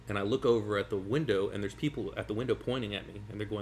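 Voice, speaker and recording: A man, a magician guest, telling stories in casual chat over food, rambling and animated with many restarts. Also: fairly low pitch, fast talker, few pauses, a little hiss or hum. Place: sitting at a table over food.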